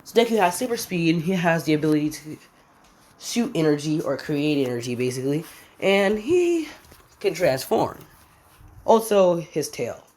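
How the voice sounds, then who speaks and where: A woman's voice: low-pitched, very animated, normal speed, a little mellow. A woman narrating a fan-made what-if story in a casual, rambling, slangy way, thinking aloud as she goes.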